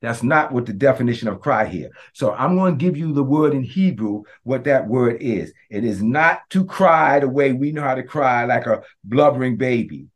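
A man, a pastor preaching a sermon, who prays in a hushed voice and then preaches with passion, often calling out to his congregation. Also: mid-range voice, expressive, normal speed, few pauses. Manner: impassioned preaching that turns to the congregation; hushed, prayerful delivery.

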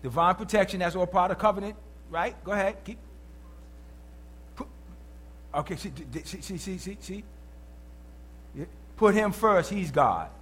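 A man's voice: sits high, normal speed, long pauses, slight background noise. A male preacher giving an emphatic sermon and calling out questions to the congregation. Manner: animated, emphatic, calls out to the congregation.

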